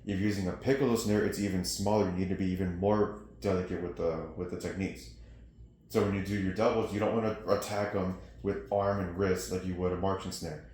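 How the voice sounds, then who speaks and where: A man's voice: sits low, fairly even intonation, brisk. A man giving a snare drum lesson, explaining technique and counting out rhythms between demonstrations. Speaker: percussion teacher. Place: practice studio with drums. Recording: echoey room with loud noise.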